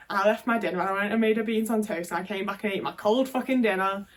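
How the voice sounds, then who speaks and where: A woman's voice: medium pitch, quick pace, few pauses, recorded from a distance. A British woman talking candidly into her phone in a casual monologue, frank and rambling, with plenty of fillers and swearing. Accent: British English. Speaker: vlogger. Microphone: phone camera.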